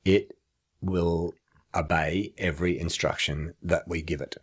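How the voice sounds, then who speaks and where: A man's voice: low-pitched, fairly even intonation, unhurried, breathy edge. A man chatting on a podcast, explaining his ideas through acted-out examples and laughing often. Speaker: podcast co-host and memory trainer. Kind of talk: casual podcast chat.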